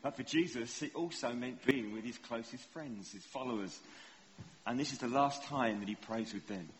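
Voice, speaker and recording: Speaking at a normal speed in a mid-range voice, a middle-aged man delivers a conversational, self-deprecating sermon and frequently asks the congregation questions. A crowd can be heard in the background, with long hall reverb and faint ambience.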